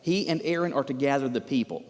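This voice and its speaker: Emphatic preacher in an echoing hall. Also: male voice, medium pitch, quick pace, a little mellow. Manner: emphatic, asks rhetorical questions. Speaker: pastor. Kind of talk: sermon.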